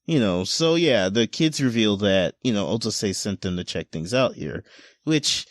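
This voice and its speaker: A man's voice: on the low side, lively intonation, unhurried, no echo, studio quality. A man hosting a casual podcast chat, rambling with lots of fillers and restarts as he talks through manga pages. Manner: rambling with many "you know" fillers and repeated restarts. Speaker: podcast host.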